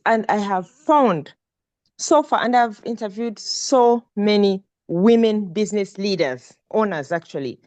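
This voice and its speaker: A woman from Uganda who joins an online session as a participant and speaks haltingly, with many fillers. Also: medium pitch, darkish tone, no echo. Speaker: participant asking a question.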